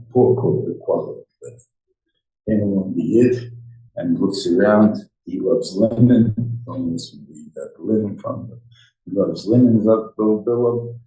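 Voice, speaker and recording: A man's voice: fairly low pitch, distant mic. An older man giving an informal Torah class, telling stories and acting out the dialogue. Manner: animated storytelling, acts out dialogue. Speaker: rabbi teaching a Torah class. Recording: roomy, from off the mic.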